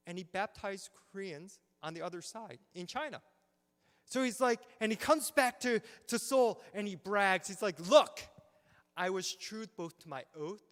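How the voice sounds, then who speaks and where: A man giving an animated history lecture at a symposium, telling the story with acted-out quotes and frequent check-ins with the audience. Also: high voice. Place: church hall. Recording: long reverb of a church hall.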